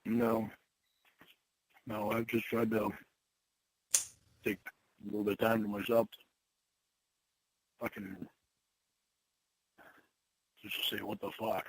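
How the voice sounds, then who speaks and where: A man talking on a phone call, gruff, confused and swearing a lot. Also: on the low side, level tone, takes it slowly, pauses often, a little hiss or hum. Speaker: call recipient. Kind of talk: phone conversation.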